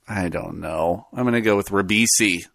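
A man co-hosting a podcast in casual chat, animated and rambling, often laughing. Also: low voice, creaky, no room sound, clean studio sound. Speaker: podcast co-host.

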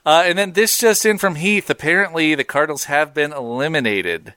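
A man's voice: fairly high pitch, a little fast, smooth, dry recording, clean studio sound. A man co-hosting a podcast, bantering casually and laughing easily. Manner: animated, joking, laughs easily. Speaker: podcast co-host.

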